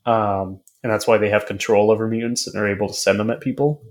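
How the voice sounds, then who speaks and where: A man's voice: lowish voice, fairly even intonation, fast talker, slight background noise. A man co-hosting a podcast in casual chat, recapping loosely with fillers and casual swearing. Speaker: podcast co-host.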